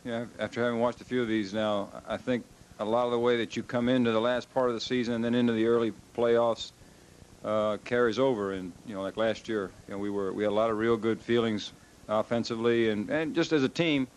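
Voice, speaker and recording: Beaten team manager talkin quiet n reflective in the clubhouse. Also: male voice, mid-range voice, fairly even intonation, a little fast, a little hiss or hum, low-quality recording. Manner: subdued, reflective. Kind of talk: post-game interview. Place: losing team's clubhouse.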